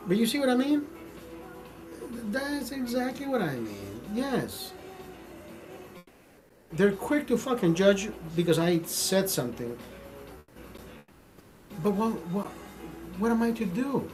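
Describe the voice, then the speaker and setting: A man hosting a live stream, telling stories in a profane, animated way with many repeated words. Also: high-pitched, unhurried, long pauses, soft background music, low-quality recording. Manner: profane, animated storytelling with repetitions. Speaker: livestream host. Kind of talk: casual live-stream talk.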